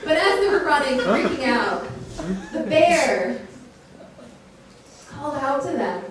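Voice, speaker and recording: A woman's voice: sits high, expressive, takes it slowly, long pauses, far from the mic, a crowd in the background. A woman telling a fairy tale live at a coffeehouse, playful with jokey asides and giggles, in an echoey room with an audience. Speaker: storyteller. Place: coffeehouse stage.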